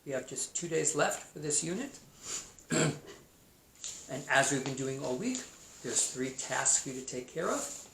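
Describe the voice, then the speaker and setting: A male teacher giving a recorded math lesson to young children, speaking slowly and sounding out names syllable by syllable. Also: fairly high pitch, animated, gravelly. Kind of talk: kindergarten math video lesson. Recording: echoey room, faint noise.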